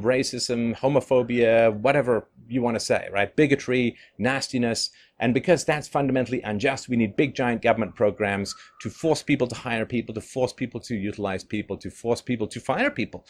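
A middle-aged man giving a monologue commentary, animated, often laughing and mimicking others in mocking quotes. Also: medium pitch.

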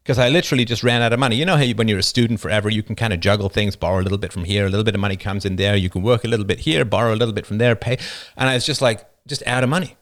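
A man hosting a livestream, talking passionately and rambling through personal stories, often laughing at them. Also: very fast. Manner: passionate, rambling storyteller who laughs at his own stories; acts out quoted people in a higher voice. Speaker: livestream show host. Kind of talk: unscripted monologue on a livestream.

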